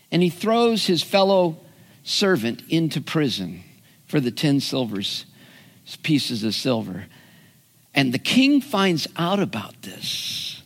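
Slow-talking preacher in a reverberant hall. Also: male voice, fairly high pitch, expressive, a bit bright. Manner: storytelling with acted voices, folksy asides. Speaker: pastor. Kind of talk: sermon.

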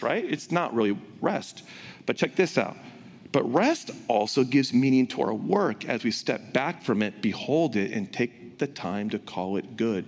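A man preaching a sermon as pastor, animated, swinging between loud emphasis and hushed whispers. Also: mid-range voice. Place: church sanctuary. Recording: hall reverb.

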